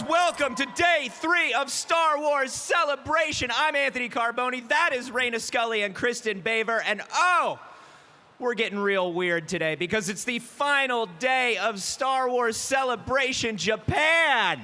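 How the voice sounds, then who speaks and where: A man's voice: very high voice, a little slow, bright, forceful tone, a little hiss or hum. A man hosting a live convention stream from the stage, playful and jokey. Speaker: event livestream host. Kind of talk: upbeat live event hosting.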